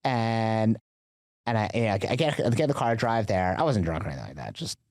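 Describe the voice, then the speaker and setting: A man's voice: fairly low pitch, fairly quick, no echo, clean studio sound. A man as a podcast guest, telling a story in a casual, chatty way with lots of fillers. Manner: chatty, filler-heavy, animated retelling.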